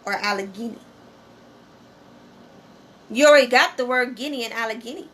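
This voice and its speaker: A woman's voice: high-pitched, rapid-fire, a bit bright. A woman, talking casually and directly to her viewers, often checking in with "okay?". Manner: conversational, repeats "okay?" and "you know". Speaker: channel host.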